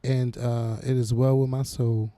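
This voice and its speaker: A man co-hosting a casual chat about TV shows and celebrity news, animated and profane, laughing often and quoting others. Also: mid-range voice, unhurried. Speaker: podcast co-host.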